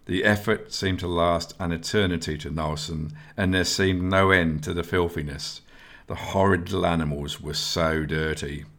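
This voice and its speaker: A man giving scripted audiobook narration in a steady storytelling manner. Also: low-pitched, moderate pace.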